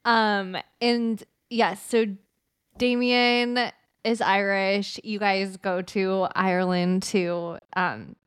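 A woman's voice: mid-range voice, little pitch movement, drawn-out words, smooth, no room sound, clean studio sound. A woman co-hosting a casual podcast, friendly, prompting her friend with questions and fillers. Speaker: podcast co-host. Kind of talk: casual chat.

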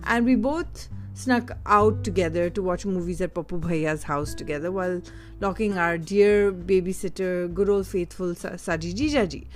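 A woman from Delhi shares personal stories in a candid, reflective way, often pausing to search for her words. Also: fairly low pitch, faint music behind. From India (Delhi). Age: adult. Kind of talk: personal storytelling monologue.

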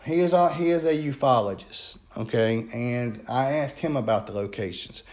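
A man with a Louisiana accent, a paranormal investigator telling a story in a chatty, animated way with many fillers. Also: medium pitch, normal speed. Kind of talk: casual storytelling.

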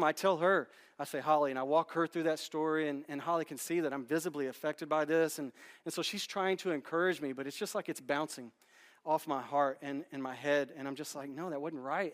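A man in his thirties preaching a sermon in a church, telling a candid, self-deprecating story with many restarts. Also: on the high side. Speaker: pastor. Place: church sanctuary.

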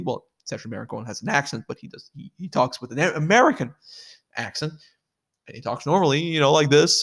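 A man giving a casual spoken film review, blunt and profane, restarting sentences and filling gaps with "um" and "like". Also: medium pitch. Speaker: movie reviewer.

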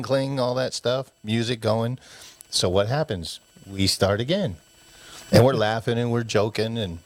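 A man's voice: on the low side, no echo. A man from the United States casually telling childhood stories, acting out his parents' voices as he goes. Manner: animated storyteller who acts out parents' voices. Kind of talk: casual storytelling chat.

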